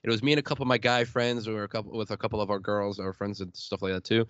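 Rapid-fire and steady, with a fairly low, fairly bright voice, a young Illinois man laughs and curses his way through stories on his uncensored podcast. The audio is dry and dull.

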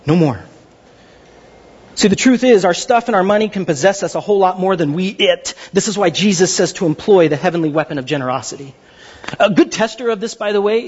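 A man's voice: high voice, breathy edge, dull audio. A man preaching a sermon as pastor, emphatic and full of rhetorical questions.

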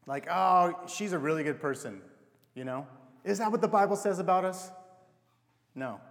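A man's voice: sits high, normal speed, vocal fry. A young man preaching a sermon in a conversational, self-deprecating way, asking the audience rhetorical questions. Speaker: pastor. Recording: long hall reverb.

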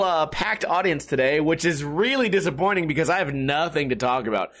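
A man's voice: fairly high pitch, lively intonation, brisk, hardly any pauses, fairly bright tone. A man hosting a casual live-streamed podcast, rambling, profane and self-mocking. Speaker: podcast host.

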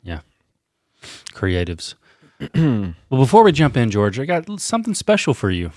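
A man's voice: mid-range voice, huge pitch swings, a little mellow, no echo. Teasing man, dry close sound. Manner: playful, teasing, talks in quick bursts. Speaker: podcast co-host. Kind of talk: casual chat.

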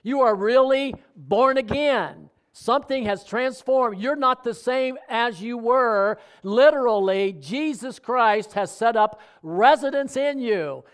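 A man's voice: very high-pitched, slow, few pauses, clean tone. A middle-aged man preaching a sermon, talking with his congregation and asking them questions. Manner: conversational preaching with audience questions. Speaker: pastor.

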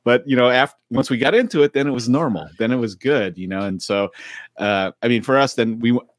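A man's voice: mid-range voice, a little fast, no room sound, clean studio sound. A man co-hosting a podcast, telling loose, rambling stories full of fillers. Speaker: podcast co-host. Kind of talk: casual podcast chat.

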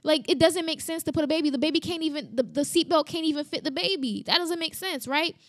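A woman's voice: high-pitched, fast, fairly bright tone, dry recording, studio quality. A woman preaching in a casual, emphatic way into a microphone, repeating phrases and asking rhetorical questions. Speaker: christian podcast host. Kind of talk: casual sermon. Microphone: studio mic.

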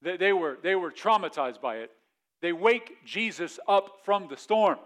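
A male pastor preaching a sermon, telling the story with lively acted-out panic and dropping to quiet, reflective asides. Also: high voice, unhurried. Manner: animated storytelling, acts out the disciples' panic in a raised voice; drops to a quiet, soft delivery for reflective points.

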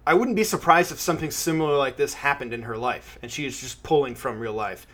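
In a casual film review chat, this man talks at a quick pace in a medium-pitched, fairly bright voice. He's chatty, laughs readily and keeps asking his co-host questions.

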